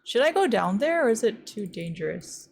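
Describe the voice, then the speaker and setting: A young American woman from the West Coast, streaming a game and chatting casually, full of "like" fillers and quick gasps and squeals. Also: medium pitch, big pitch swings, gravelly, darkish tone, slight background noise. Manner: chatty, says "like" a lot, startled gasps and squeals while playing. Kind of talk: casual chat while gaming.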